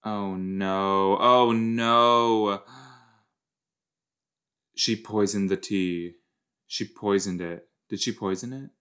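A man hosting a podcast, reacting to a TV episode in casual watch-along chat, switching between loud outbursts and quiet muttering. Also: on the low side, fairly even intonation. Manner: chatty, exclaims loudly then mumbles; talks to himself, quick jumps between soft and loud.

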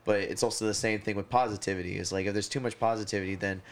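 A man's voice: fairly low pitch, steady tone, very fast, over a noisy crowd. A man hosting a casual late-night chat, rambling through his opinions with lots of swearing and fillers. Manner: rambling and profane, heavy on fillers like "you know what I mean". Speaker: podcast host.

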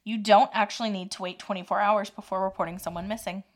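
A woman's voice: mid-range voice, steady tone, fast. A woman podcast co-host reading myths and facts off a list, with short dry reactions. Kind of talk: casual chat, reading out facts.

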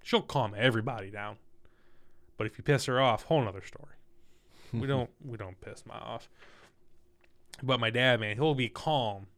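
A man's voice: medium pitch, moderate pace. Profane young man telling a story. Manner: candid, profane, animated storytelling. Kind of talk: casual storytelling chat.

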